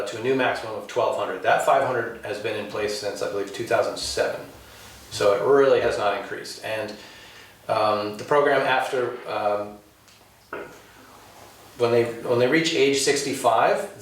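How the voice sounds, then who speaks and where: A man's voice: medium pitch, slight background noise. Guy doing village board announcements, lots of ums, mic far off, big echo. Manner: halting, many ums and uhs. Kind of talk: public meeting announcements. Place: village hall meeting room. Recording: echoey room, distant mic.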